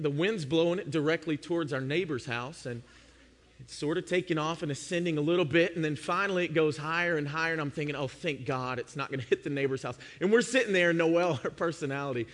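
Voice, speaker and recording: A young adult man preaching a sermon, telling a funny personal story and acting out his own past self with animated delivery. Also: fairly high pitch. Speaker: pastor. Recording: long hall reverb.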